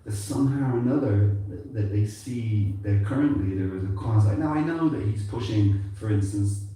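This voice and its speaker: A man's voice: lowish voice, normal speed, warm tone. A man from England with an accent mixing English and Irish, giving a conversational sermon full of "you know" asides. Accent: mixed English and Irish. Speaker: temple speaker. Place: temple hall. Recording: echoey hall from a distance.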